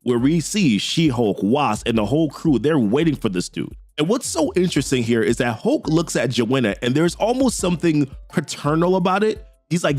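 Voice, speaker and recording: Animated man recapping a comic story. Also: a little high, moderate pace, hardly any pauses, faint music behind. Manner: animated storytelling, reading characters' lines in quotes with slang asides. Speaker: comic book recap host.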